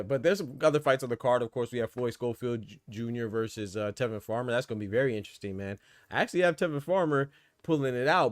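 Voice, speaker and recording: A man's voice: medium pitch, no room sound, clean studio sound. A man hosting a live boxing talk show in a loose, rambling casual chat. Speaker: boxing podcast host.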